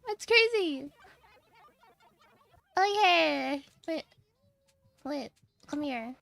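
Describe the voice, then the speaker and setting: A woman streaming a game in a very high, cutesy voice that keeps breaking into giggles. Her tone is bright and sharp with a gravelly fry, and she drags her words out slowly between playful, dramatic outbursts. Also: lively intonation. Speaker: VTuber streamer. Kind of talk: casual live-stream chat while gaming.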